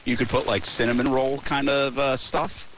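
A man's voice: medium pitch, level tone, moderate pace, fairly bright tone. A male sports radio host calling in from outdoors at a ballpark, chatting loosely and rambling with plenty of fillers. Faint rain noise sits under his voice. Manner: rambling, easygoing, many fillers. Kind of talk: casual radio chat.

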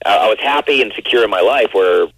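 A man's voice: fairly low pitch, fast talker, fairly bright tone, husky, no echo, rough recording. A man in his forties, a guest actor, chatting in an interview with many restarts and fillers. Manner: rambling, full of restarts and you-knows. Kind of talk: casual interview chat.

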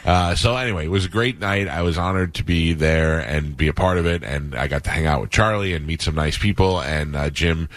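A man's voice: extremely low pitch, fairly quick, hardly any pauses, a bit bright, no echo. A middle-aged man hosting a radio show, telling rambling stories in casual chat and chuckling at himself. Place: radio studio. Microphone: close studio mic.

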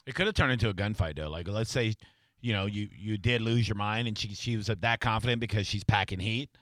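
A man hosts a loose, casual talk show and spins wry, boastful stories at an easy clip. His voice is bright and forward. The sound is dry and close. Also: fairly low pitch, fairly quick, no room sound. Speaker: podcast host. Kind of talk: casual chat.

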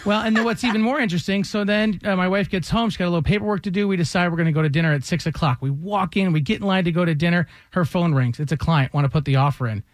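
A man's voice: high-pitched, racing, hardly any pauses, no room sound. A man hosting a radio show, telling a story in a wry, casual way and insisting he is not upset.

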